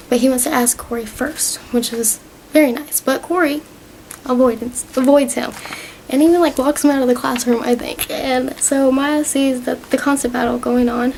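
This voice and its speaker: A woman's voice: high voice, vocal fry, darkish tone, a little hiss or hum, poor audio. A young woman vlogging at home, recapping a TV season in a chatty, rambling way, with many fillers as she retells scenes. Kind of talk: casual recap talk to camera.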